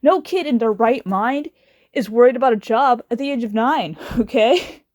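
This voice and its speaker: A woman's voice: on the high side, moderate pace, darkish tone, no room sound, studio quality. A woman delivering a casual, exasperated rant as a video reviewer, sarcastic and swearing now and then. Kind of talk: casual ranting commentary.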